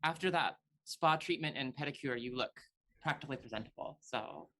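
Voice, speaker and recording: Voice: medium pitch, a little fast, a bit bright, slight background noise. A tabletop game player describing their character's actions, hesitant with many fillers.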